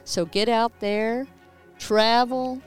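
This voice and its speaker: A woman's voice: a little high, fairly even intonation, slow pace, clean tone, faint music behind. A woman from Texas, hosting a travel show in upbeat scripted narration, reeling off names with playful emphasis.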